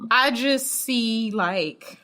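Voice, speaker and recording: A woman with a fairly high, expressive voice who talks slowly, throwing in short agreements and dry quips as co-host. The audio has an audible hiss underneath. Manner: backchannels a lot, dry quips. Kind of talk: casual gossip chat. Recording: noisy background hiss.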